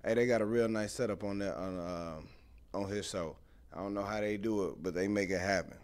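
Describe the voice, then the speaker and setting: A young man hosting a casual live stream, telling lively stories and greeting viewers in the chat, speaking. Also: fairly low pitch, a little fast, smooth. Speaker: host.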